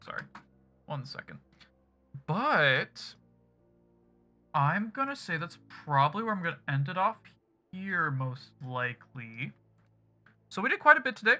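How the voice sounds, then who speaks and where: A male streamer with a very bright, slightly higher voice rambles casually as he wraps up, swearing freely and thinking aloud. Faint music plays behind him. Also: very animated, measured pace, pauses often. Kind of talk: casual end-of-stream chat. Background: music playing in the background.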